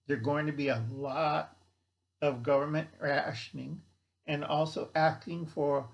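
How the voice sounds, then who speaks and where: A man's voice: a little high, steady tone, a little slow, vocal fry, poor audio. A man hosting his own channel, giving a blunt, folksy, rambling monologue. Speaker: channel host.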